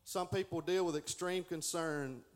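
A man's voice: a little high, steady tone, unhurried. A middle-aged man giving a folksy Sunday school lesson, stumbling and restarting as he reads aloud.

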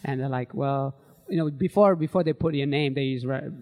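A man from Eritrea telling running stories in a live interview, animated and acting out the voices of people he quotes, in slightly English. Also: mid-range voice, brisk. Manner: animated, acts out quoted voices, non-native grammar. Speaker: guest, marathon runner. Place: physical therapy studio before a live audience.

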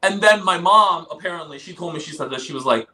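Guest from South Korea: high, bright, lively man, casual storyteller who laughs a lot. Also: quick pace. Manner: laughs often while telling stories.

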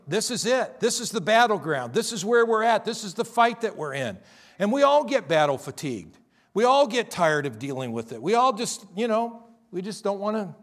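A pastor delivers an emphatic sermon in a fairly high voice. He hammers on repeated phrases, stretching out the words that matter most. At times he sinks into a quiet, weary tone. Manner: emphatic, repetitive preaching with drawn-out stressed words; drops to quiet, weary tones mocking tired believers.

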